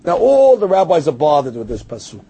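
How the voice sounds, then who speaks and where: The rabbi's voice is a little high, mellow and husky, swinging widely in pitch at a slightly fast clip. In his Torah class he recounts stories, quotes and explains Hebrew verses, and responds to a heckler with self-deprecating humor.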